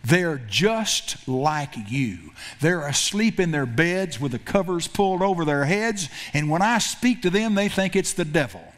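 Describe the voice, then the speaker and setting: A man voicing God as a slow, solemn, commanding male presence that speaks a little higher than his own voice. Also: expressive. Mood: rebuking.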